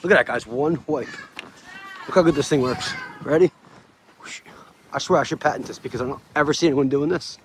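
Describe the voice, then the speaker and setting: Family vlogger dad, chatty and upbeat, outdoor camera audio with faint noise, voice a bit high. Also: male voice, fairly quick, pauses often. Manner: upbeat, chatty, laughs often. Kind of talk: casual vlog chat. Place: outdoors in snowy yard.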